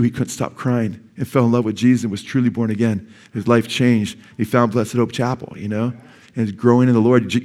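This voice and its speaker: A man's voice: medium pitch, darkish tone. A man preaching a sermon as pastor, earnest and urgent, with sudden emphatic rises in his voice. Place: church sanctuary.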